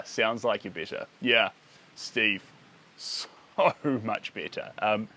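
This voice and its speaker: A man, his voice sitting a little low, chats loosely with his viewers as he works, wandering from thought to thought. He sounds playful and easygoing, often breaking into a chuckle. He is talking from outdoors under a shelter by a lake. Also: steady tone, slow pace, pushed and bright, a little hiss or hum. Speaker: artist streaming live. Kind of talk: casual chat with viewers.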